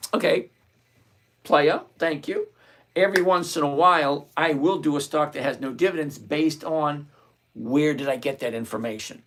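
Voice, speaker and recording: A man's voice: a little high, fairly bright tone. A man hosting a live stock-trading stream, talking casually and lecturing his viewers with an exasperated, emphatic manner. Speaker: livestream stock trading host. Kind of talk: casual livestream commentary.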